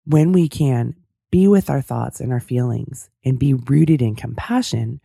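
Woman host, hoarse and cracking, low gravelly and dark, thoughtful solo talk. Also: unhurried, no echo, clean studio sound. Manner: earnest, thoughtful, self-deprecating. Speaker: podcast host. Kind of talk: casual interview chat and solo reflection.

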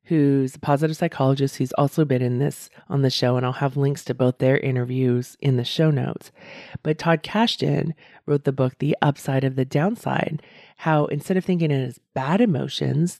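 A middle-aged woman coaching her listeners through a solo podcast episode, earnest and encouraging. Her voice is warm and low-key with a gravelly edge. It sits close on the mic in a dry, dead room. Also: no echo.

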